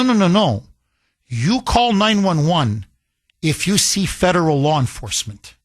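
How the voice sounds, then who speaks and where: A man's voice: fairly high pitch, fairly bright tone. A man hosting a talk radio show, delivering a combative opinion monologue full of incredulous rhetorical questions, with a slight accent. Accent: slight foreign accent.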